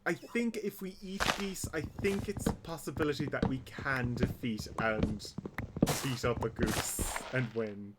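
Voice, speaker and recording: An Irish man streaming a game, talking in a rambling, halting way with many fillers and restarts. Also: mid-range voice. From Ireland. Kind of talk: casual chat while gaming. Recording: loud background noise.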